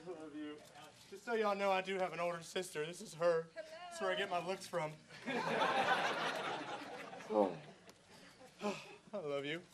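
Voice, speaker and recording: A young man, a race car driver, answers press questions in a halting, emotional way with frequent sighs. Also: sits high, very noisy. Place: post-race press room.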